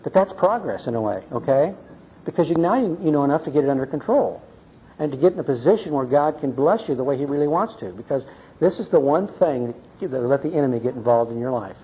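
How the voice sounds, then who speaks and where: Older male Bible-class teacher, folksy and earnest, husky voice, dull lo-fi tape. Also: mid-range voice, animated, quick pace. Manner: folksy, earnest, asks "see?" and "okay?". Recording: muffled lo-fi recording.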